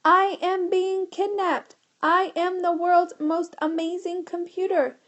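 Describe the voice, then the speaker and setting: A woman's voice: very high voice, level tone, slow, voice pushed up. A woman voicing a fussy, pompous talking computer with a mechanical, snooty manner in an audiobook. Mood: alarmed. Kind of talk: audiobook character voice.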